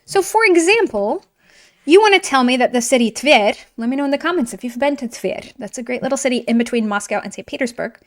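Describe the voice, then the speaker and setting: A woman teaching a grammar lesson in a lively, chatty way, with playful asides and frequent teacherly check-ins. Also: sits high, fast. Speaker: Russian language teacher.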